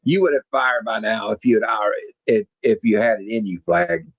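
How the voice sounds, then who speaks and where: A man voicing a cold, scheming villain leader with a sneering, condescending manner in a lowered voice. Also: a little fast, no room sound, lo-fi sound, natural voice. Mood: taunting.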